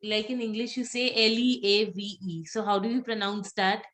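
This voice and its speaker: A woman's voice: mid-range voice, fairly even intonation, fairly quick, a bit bright. A woman teaching French pronunciation in a live class, patiently repeating words for students to echo and calling on them by name. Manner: calls on students by name and praises.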